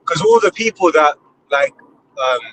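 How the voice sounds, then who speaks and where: A man's voice: fairly high pitch, moderate pace, background noise. A man in his thirties hosting a loose live discussion, swearing often and rambling with enthusiasm. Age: 30s. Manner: animated, heavy swearing, rambling. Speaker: host.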